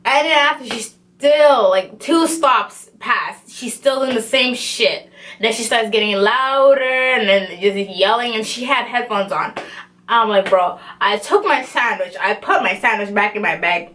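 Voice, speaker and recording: A young woman vlogger telling a story in a casual, animated way, with lots of slang and swearing. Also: on the high side, a little slow, slight background noise.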